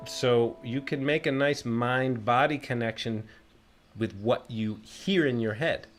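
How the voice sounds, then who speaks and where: A man's voice: medium pitch, measured pace, faint music behind. A man teaching a live online ukulele lesson, explaining patiently step by step and counting the beats aloud. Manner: friendly, greets viewers by name. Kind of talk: livestream music lesson.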